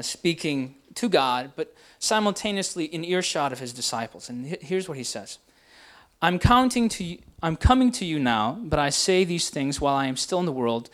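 A young man preaching a casual, conversational sermon to students, often tagging his points with "right?". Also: on the high side. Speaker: pastor.

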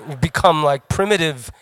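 A middle-aged man preaching a sermon in an animated, joking, self-mocking storytelling way. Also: fairly high pitch. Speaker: pastor.

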